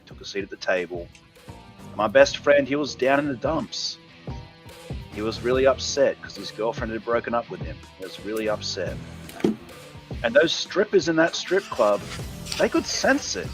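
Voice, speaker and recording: A man's voice: lowish voice, expressive, moderate pace, a bit bright, faint music behind, rough recording. A tipsy man with an Australian accent, a guest telling a long story in a crude, heavily profane, rambling way. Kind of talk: casual storytelling.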